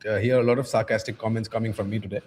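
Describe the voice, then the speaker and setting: A man appearing as a guest pundit over a video call, blunt and sarcastic, pausing often with fillers. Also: fairly low pitch, steady tone, a little mellow, a little hiss or hum. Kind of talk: live cricket discussion.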